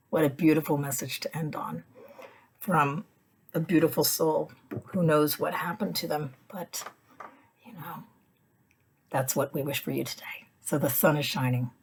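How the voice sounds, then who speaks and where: Woman host, low husky voice, soft-spoken, casual devotional talk, thinks aloud with lots of fillers. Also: fairly even intonation, moderate pace, long pauses. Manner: soft-spoken and reflective, with many "you know" fillers. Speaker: host of a weekly inspirational message.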